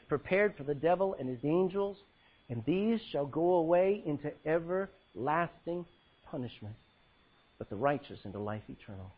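A male pastor preaching a sermon, swinging between loud cries and hushed words as he quotes scripture in old-fashioned style. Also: on the high side, expressive, moderate pace, slightly rough, muffled recording.

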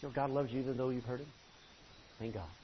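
A male pastor preaching a sermon from the front of a church, impassioned, swinging from loud pleading to low intensity. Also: steady tone, quick pace, breathy edge. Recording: dull lo-fi recording with faint hiss.

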